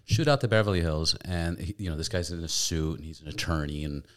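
Podcast host, male, deep low voice, loose and lively storyteller who swears casually. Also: fast talker. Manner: animated storyteller, swears freely. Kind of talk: casual chat.

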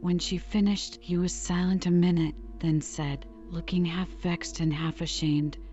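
Audiobook narrator, woman, soft and hushed, lower pitch, slightly lo-fi. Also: flat delivery, a little slow, faint music behind. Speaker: audiobook reader. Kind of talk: storybook narration.

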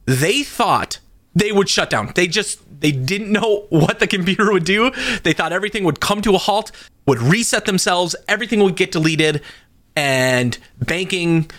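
A man with a slightly high voice co-hosts a casual podcast and tells stories with lively jumps in pitch. He sounds close to the mic in a dry, dead room. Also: moderate pace, no echo. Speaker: podcast co-host. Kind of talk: casual chat.

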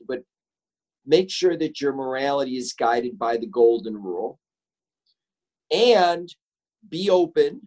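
An earnest male author answering questions in a relaxed interview, mid-pitched and conversational. He drifts easily into long storytelling. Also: rough recording. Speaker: author and guest.

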